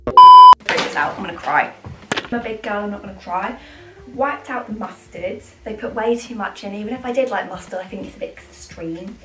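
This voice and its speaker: A woman's voice: mid-range voice, fairly quick, reverberant, rough recording. A woman in her twenties talking to camera in a casual vlog. She rants in exasperation, often restarting sentences and trailing off. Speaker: vlogger.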